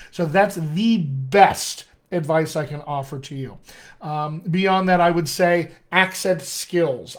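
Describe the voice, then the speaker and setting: A man working as a dialect coach, answering viewers' questions in an upbeat, emphatic live-streamed session and talking straight to them. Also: on the high side. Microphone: webcam or computer mic on a live stream.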